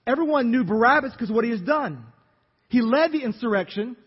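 A man preaching a sermon as pastor, telling the story dramatically and acting out the crowd's shouts. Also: very high-pitched, animated, fairly quick, breathy edge. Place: church sanctuary. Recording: dull reverberant church recording.

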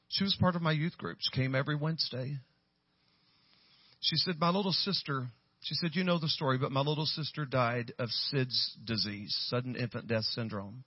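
A man's voice: moderate pace, breathy edge, no echo, highs cut off. Pastor in his sixties, preaching. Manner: builds to loud, high-pitched preaching peaks. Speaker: guest pastor. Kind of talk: storytelling sermon.

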